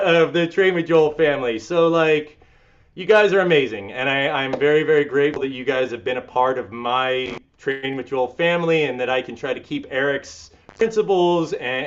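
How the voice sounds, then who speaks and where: A man leading a fitness class from his apartment, calmly counting through stretches and breaths, then thanking members in a sentimental, upbeat way. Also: a little high. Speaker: fitness instructor. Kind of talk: guided cool-down and live class sign-off. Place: apartment home studio. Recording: dull lo-fi sound.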